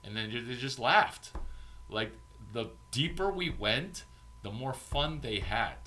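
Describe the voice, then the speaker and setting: A man with a mid-range voice gives an informal, profane coaching talk as an entrepreneurship mentor, speaking at a slow pace. He's animated and acts out bits of banter.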